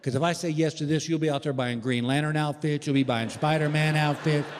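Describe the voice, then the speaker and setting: No-nonsense wife, flat and exasperated, man quoting her, live stand-up, echoing theater. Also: on the high side, a little fast, a little hiss or hum, lightly acted. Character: exasperated, sensible wife, woman, middle-aged.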